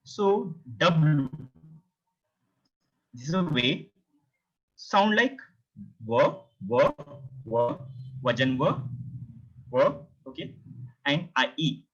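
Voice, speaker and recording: Guy teaching beginners, says each word over and over real slow, voice jumps up and down a lot, muffled lo-fi sound. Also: fairly high pitch, animated, a bit bright. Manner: patient, repeats words many times for drilling; explains pronunciation step by step. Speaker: language teacher. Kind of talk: beginner language lesson. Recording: dull lo-fi recording.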